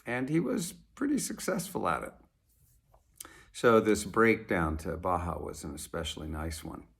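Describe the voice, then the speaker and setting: A man telling a story in an unhurried, conversational way, pausing and restarting as he goes. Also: deep voice, sing-song, creaky, fairly bright tone, breathy edge.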